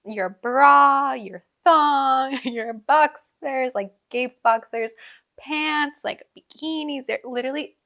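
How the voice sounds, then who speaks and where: A woman's voice: sits high, slow, sharp tone. A young adult woman hosting a podcast, telling casual travel stories in a chatty way, with frequent laughs and lots of fillers. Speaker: podcast host. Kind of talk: casual storytelling.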